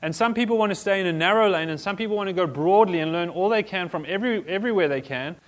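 A man's voice: sits high, quick pace. A man teaching a church group in a conversational style, restarting phrases and adding humorous asides. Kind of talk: informal teaching talk.

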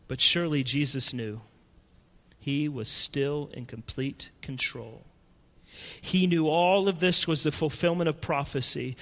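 A man preaching a sermon in a dramatic, emphatic way, swinging between loud and hushed. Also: fairly high pitch, big-room sound.

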